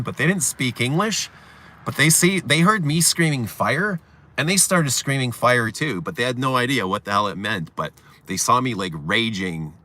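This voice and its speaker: A man from Canada hosting a casual livestream chat, telling childhood stories with lots of laughter and loud acted-out shouts. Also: low-pitched. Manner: animated, laughing often, swearing, acting out shouts. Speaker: livestream host.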